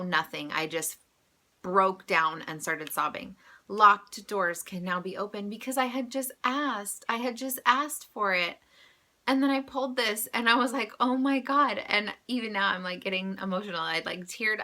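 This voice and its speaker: A woman's voice: mid-range voice, sharp tone. A woman in her thirties, a tarot vlogger, talking casually and emotionally, with many fillers. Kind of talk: casual vlog monologue.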